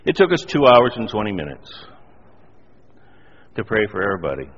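A middle-aged man preaching a sermon, telling a personal story with animated, self-deprecating humor. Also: fairly low pitch, moderate pace. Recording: dull lo-fi audio in a reverberant hall.

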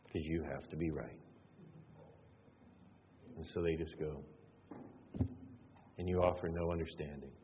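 A man's voice: sits low, slight background noise. A middle-aged man preaching a sermon, telling family stories in a conversational, self-deprecating way and often repeating words for emphasis. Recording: dull sound with long hall reverb.

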